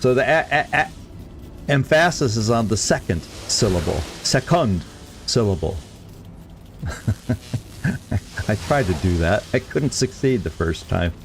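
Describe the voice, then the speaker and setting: A man's voice: mid-range voice, expressive, unhurried, long pauses, a little hiss or hum. A man streaming a game, chatting casually and stumbling over tricky words as he reads lore. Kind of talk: let's play commentary.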